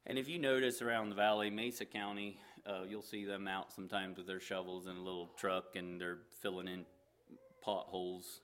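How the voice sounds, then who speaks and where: A man's voice: deep voice, flat delivery, a little fast, a bit bright. A man reading a parable and then giving a folksy, plain-spoken sermon with casual fillers.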